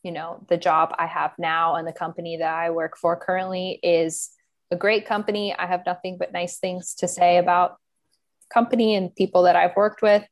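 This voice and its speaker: A woman's voice: fairly low pitch, level tone, moderate pace. A young woman hosting a podcast in casual chat, cheerful and playful, laughing often, recorded over a remote call. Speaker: podcast host.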